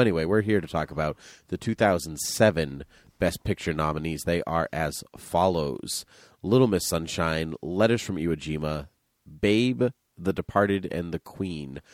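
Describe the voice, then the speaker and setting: A man with a deep, low voice hosts a laid-back podcast, ribbing his co-host and joking as he goes. The sound is close and dry, with no room around it. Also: no room sound. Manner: playful, teasing, quick to joke. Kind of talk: casual podcast chat.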